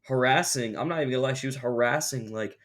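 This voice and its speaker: Young man, casual storytelling, rambling, filler-heavy, mid pitch. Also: quick pace. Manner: rambling, animated, lots of "like" fillers, acts out quotes. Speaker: vlogger.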